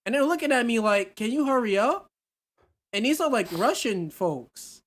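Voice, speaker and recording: Woman co-hosting a podcast, higher voice, swoops a lot, swears through her stories. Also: normal speed. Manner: animated, profane storytelling. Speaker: podcast co-host. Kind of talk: casual chat.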